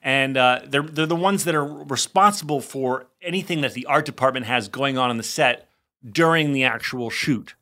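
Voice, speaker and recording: A man co-hosting a podcast, chatting casually and telling stories with animated little impressions. His voice is bright and of middle pitch. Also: normal speed. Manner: animated storyteller, acts out voices. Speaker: podcast co-host. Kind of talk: casual chat.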